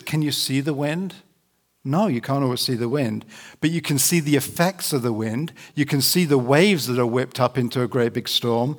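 A man preaching a sermon to camera in a conversational, earnest way, slowing down to read scripture. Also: medium pitch. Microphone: camera facing speaker.

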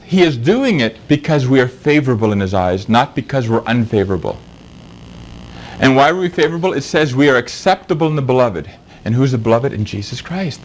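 A middle-aged man preaching a sermon, reading scripture slowly and then explaining it with animated emphasis. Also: a little high, poor audio.

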